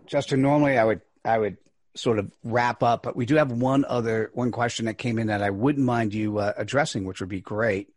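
A man's voice: mid-range voice, no room sound. Man hosting politely in a dry room. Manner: polite and halting, with frequent restarts. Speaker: host. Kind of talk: interview hosting.

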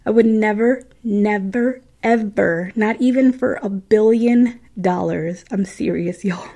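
A woman's voice: mid-range voice, slow pace, warm tone. A woman with a Midwestern American accent, telling a creepy true story in a chatty, casual way with frequent asides and laughs. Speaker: true-story podcast host.

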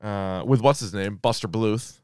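A man's voice: fairly low pitch, unhurried, darkish tone, smooth, no echo, studio quality. A man in his thirties co-hosting a podcast in casual chat, laughing often and swearing freely. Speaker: podcast co-host.

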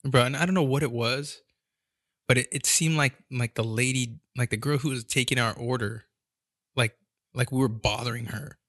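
A man's voice: medium pitch, steady tone, moderate pace, fairly bright tone, dry recording, clean studio sound. Laid-back man swearing through casual chat. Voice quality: swears constantly, lots of likes and dudes. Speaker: podcast host.

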